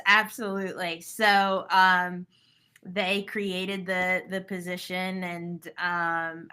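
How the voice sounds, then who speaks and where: A woman in youth ministry chatting casually, unhurried, with frequent affirming laughs. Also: lowish voice, sharp tone. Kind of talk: casual conversation.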